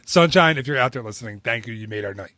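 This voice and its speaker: A man co-hosting a podcast, chatting casually and telling a lively story with frequent restarts. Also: medium pitch, quick pace, no echo. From northern United States. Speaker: podcast co-host. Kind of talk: casual chat.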